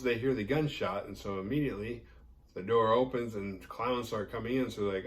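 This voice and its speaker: A man's voice: lowish voice, fairly quick, far from the mic. A man hosting a horror movie podcast, retelling a film's plot in a loose, rambling way, full of fillers and swearing. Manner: rambling, heavy filler "like", profane and jokey. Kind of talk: casual movie recap.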